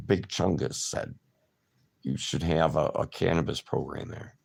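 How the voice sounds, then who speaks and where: A man's voice: extremely low pitch, measured pace, gravelly, a little mellow, husky. A man hosting a casual livestream, chatting loosely and answering viewer comments by name. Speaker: livestream host.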